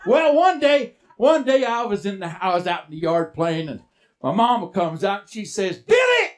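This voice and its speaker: A man's voice: high voice, lively intonation, normal speed. A man, telling a story live on stage in a playful, teasing way, with asides to the audience. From Texas.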